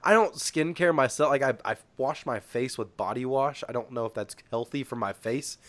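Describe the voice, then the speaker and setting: A man's voice: mid-range voice, moderate pace, no room sound. Young male podcast co-host, rambling storyteller, fillers and laughter, dry sound. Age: young adult. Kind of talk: casual chat.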